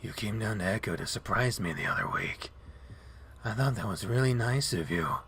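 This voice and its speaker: A man voicing an injured, groggy young male wolf who mumbles in a flat, deadpan way, lower and softer than his own voice. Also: moderate pace, a little hiss or hum. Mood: flat mumbling. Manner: deadpan mumble, low and soft.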